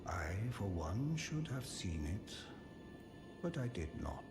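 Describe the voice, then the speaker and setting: Super deep solemn blacksmith, video game, music in the back. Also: male voice, big pitch swings, slow, heavily acted. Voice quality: deep, formal, creepy. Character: loyal solemn male royal blacksmith. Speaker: game character.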